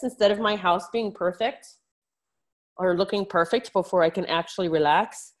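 A woman life coach talking on her own podcast, frank and encouraging, who swears casually and calls her listeners out as a tough-love coach. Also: moderate pace. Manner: frank, swears casually, animated shifts in pitch. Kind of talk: solo podcast coaching talk.

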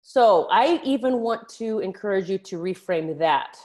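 A woman life coach talking on her own podcast, frank and encouraging, who swears casually and calls her listeners out as a tough-love coach. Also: a little slow. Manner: frank, swears casually, animated shifts in pitch. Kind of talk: solo podcast coaching talk.

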